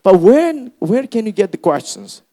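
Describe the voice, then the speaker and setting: A young man with an Uzbek accent teaching a speaking workshop to a class, lively and encouraging, often calling them guys. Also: sits high, moderate pace. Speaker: English teacher. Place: classroom with students.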